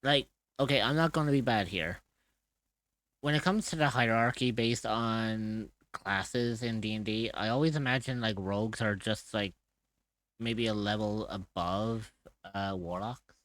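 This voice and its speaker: A man's voice: lowish voice, unhurried, fairly bright tone, no echo. A man streaming while drawing, chatting casually, swearing freely and laughing often.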